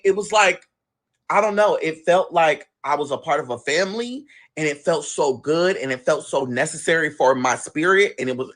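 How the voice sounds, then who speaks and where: A young man casually telling a long family story, animated and quick to act out what each relative said. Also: a little high. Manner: animated, acts out family members' lines in his own voice. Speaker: guest telling his story.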